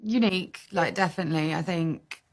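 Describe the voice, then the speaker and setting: A woman, an actress, chatting in an interview and telling lively anecdotes from a film set. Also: on the low side, fairly quick, creaky. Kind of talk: casual interview answer.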